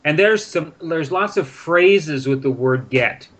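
A man's voice: a little high, expressive, slow, a bit bright. A man patiently explaining English grammar with example sentences in a casual spoken lesson. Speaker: English teacher. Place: in Prague.

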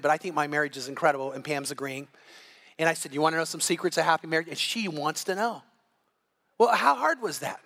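A man's voice: high-pitched, bright, forceful tone. A middle-aged male pastor preaching a sermon, telling stories with quoted dialogue and frequent restarts.

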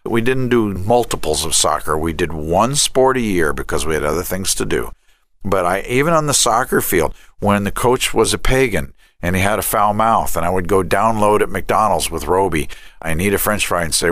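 A middle-aged man, a family ministry director and counselor, talks about faith and parenting in an interview, telling lively stories and acting out the dialogue. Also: deep voice, moderate pace, no room sound, clean studio sound. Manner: animated storyteller who acts out quoted dialogue.

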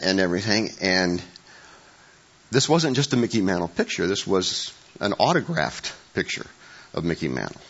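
An older male pastor with a lowish voice, telling stories from the pulpit in a loose, conversational way. He stumbles and restarts often and pokes fun at himself. The recording is dull and lo-fi. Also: vocal fry, fairly bright tone. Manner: rambling storytelling with many restarts and self-corrections; wry, self-mocking humor. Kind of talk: conversational sermon. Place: church.

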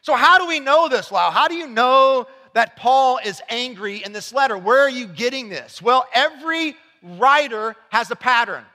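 A man preaching a sermon to his church congregation in a conversational way, dropping to quiet asides and rising to shouted emphasis. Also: extremely high pitch, lively intonation, moderate pace, hardly any pauses, long reverb tail. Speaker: pastor. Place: church sanctuary.

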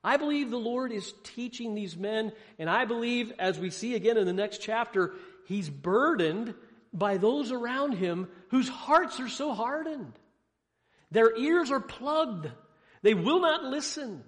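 A man preaching a sermon, asking rhetorical questions and swinging between loud emphasis and hushed, low passages. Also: expressive, measured pace. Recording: long hall reverb.

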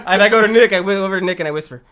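Chatty guy on a podcast, laughs constantly, bright voice that jumps all over. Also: high voice. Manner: laughs a lot, animated storytelling. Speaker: podcast co-host. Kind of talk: casual chat.

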